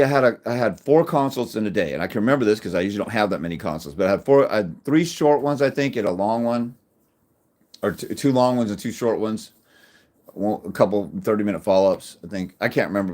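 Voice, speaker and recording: A middle-aged man talks straight to camera in a crude, confrontational rant. He trips over restarts, then punches his points hard and loud, his pitch leaping up. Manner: combative, crude, many restarts, swings loud when making points. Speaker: fathers' rights advocate. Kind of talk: blunt direct-to-camera rant.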